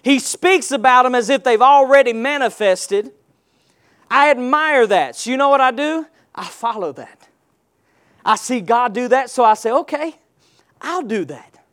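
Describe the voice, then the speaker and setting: Very high-voiced male pastor preaching. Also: moderate pace, fairly bright tone, smooth. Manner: preaching call-and-response, rhetorical questions to the congregation. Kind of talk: sermon.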